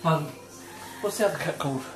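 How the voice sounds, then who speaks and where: A man's voice: fairly high pitch, fairly quick, a bit bright. A man playfully grilling a pet cat in a mock interrogation, drawing out his questions and laughing between them. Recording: roomy home video from a distance, faint music.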